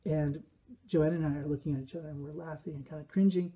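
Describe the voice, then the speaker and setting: Casting note: man, rambling reflective commentator, dark mellow tone with a husky edge. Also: a little high, fairly even intonation, fast talker. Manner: rambling, reflective, with quoted asides. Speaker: behaviorist commentator. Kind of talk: casual commentary.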